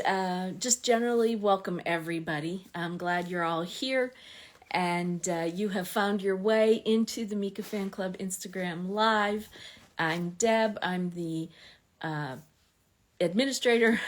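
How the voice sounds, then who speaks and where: Lady hosting a fan club live stream, chatty, lots of ums and little laughs, voice a bit on the low side. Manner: chatty, warm greetings, many ums and small laughs. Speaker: fan club administrator and host. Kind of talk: casual livestream chat.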